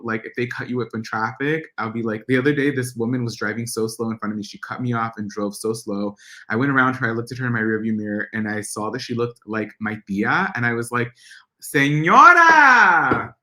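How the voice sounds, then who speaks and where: Animated young man telling stories to an audience. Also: mid-range voice. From Central America. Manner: animated storyteller, acts out family voices. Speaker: guest speaker. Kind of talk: speaking to a live audience.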